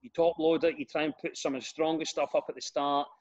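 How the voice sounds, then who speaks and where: A man with a Glaswegian accent, a comedian and radio presenter, telling stories in a casual podcast chat with lively restarts. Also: fairly high pitch, quick pace, muffled recording. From Glasgow, Scotland. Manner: animated storyteller with frequent restarts.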